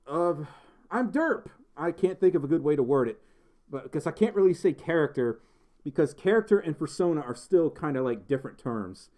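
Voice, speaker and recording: Speaking with a fairly high pitch and a dark tone, this livestream host chats loosely and pokes fun at himself, leaning on plenty of fillers. He has a slight Mississippi Southern accent and reads out comments from the chat as he rambles.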